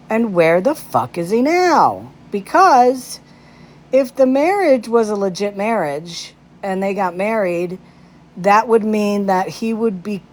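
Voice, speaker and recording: A woman talks straight into her phone on a livestream. Her voice swoops up and down as she rants. She is indignant and stacks up one rhetorical question after another. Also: medium pitch. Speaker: livestream commentator. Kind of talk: casual ranting commentary.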